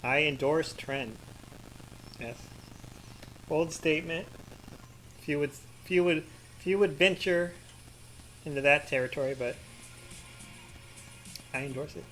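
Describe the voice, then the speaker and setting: A man's voice: fairly high pitch, takes it slowly, long pauses, a bit bright, faint music behind. A man giving rambling, profane let's-play commentary, full of crude jokes and sarcastic mock rants. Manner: mock-ranting with sarcastic asides. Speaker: gaming commentator.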